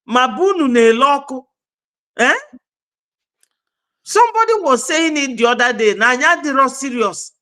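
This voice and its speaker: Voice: high voice, lively intonation, normal speed, long pauses, sharp tone. A speaker with a Nigerian accent earnestly urging their people to stop partying, with repeated rhetorical prompts. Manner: urging, repetitive, rhetorical questions. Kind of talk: earnest exhortation mixing English and Igbo.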